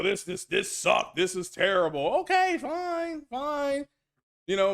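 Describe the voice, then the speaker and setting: A middle-aged man hosting a casual gaming talk stream, rambling and repeating himself as he answers chat. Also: sits high. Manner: animated, rambling, repeats himself, reads chat names aloud. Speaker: gaming commentary host. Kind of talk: casual solo stream commentary.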